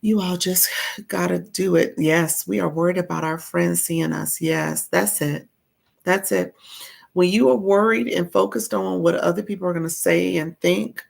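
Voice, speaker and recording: A woman's voice: fairly low pitch, normal speed, creaky. A woman coaching creators on a casual livestream, chatty and greeting her viewers as friends while reading their comments.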